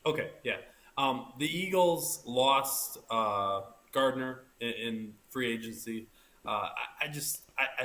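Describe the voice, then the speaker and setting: A man's voice: mid-range voice, pushed and bright. A man co-hosting a casual fantasy football podcast, stumbling and repeating words as he thinks. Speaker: podcast co-host. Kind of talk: casual sports chat. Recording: echoey room with faint noise.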